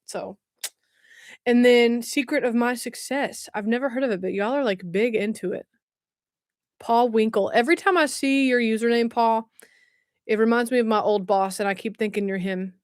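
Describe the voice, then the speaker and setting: A woman's voice: a little high, no room sound. Chatty woman, dry close sound. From West Tennessee, US. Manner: chatty, reacting to viewer chat while unboxing. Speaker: livestream host. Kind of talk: casual live-stream chat.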